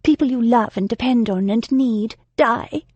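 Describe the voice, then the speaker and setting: A woman's voice: fairly high pitch, unhurried, breathy edge, no room sound, dull audio, voice pushed up. A woman voicing a composed, defiant young heroine who speaks coolly and firmly. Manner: cool and firm, gentle.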